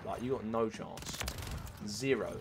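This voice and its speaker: A man's voice: on the low side, measured pace, a little hiss or hum. A young man giving casual commentary over his gameplay, swearing a lot and talking to his viewers as boys and mates. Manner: swears often, frustrated and animated, talks to viewers as boys and mate. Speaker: gaming streamer. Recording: game gunfire behind the voice.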